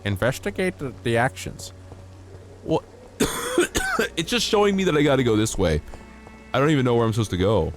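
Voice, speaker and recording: A man's voice: mid-range voice, very animated, a little fast, pauses often, soft background music. A man streaming a game, chatting casually and playfully with his chat, teasing and mock-outraged, laughing often. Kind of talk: casual live-stream chat while gaming.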